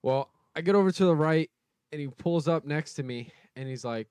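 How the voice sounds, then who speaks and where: A young man co-hosting a podcast, telling a road rage story in a casual, profane, animated way. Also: fairly high pitch, moderate pace, clear, resonant tone, no echo. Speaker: podcast co-host.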